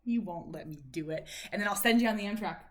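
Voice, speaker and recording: A woman talking with her son, soft and encouraging, breaking into playful high exclamations now and then. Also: fast talker. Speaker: mother of the child in the video. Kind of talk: gentle coaxing talk to her son, and a casual talk to camera.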